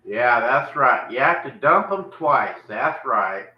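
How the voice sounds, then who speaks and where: A man's voice: medium pitch, animated, slow pace, dull audio. A man, rambling casually on a live home vlog, chatting with his dogs between remarks. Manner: folksy Southern drawl, talks to his dogs in baby talk. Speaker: vlogger. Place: home kitchen and porch. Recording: echoey room with faint background noise.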